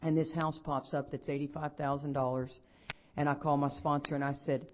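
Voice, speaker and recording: A middle-aged woman, giving a lively personal testimony at a recovery convention and acting out what others said. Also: deep voice, brisk, a little hiss or hum. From Texas. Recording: dull lo-fi convention recording.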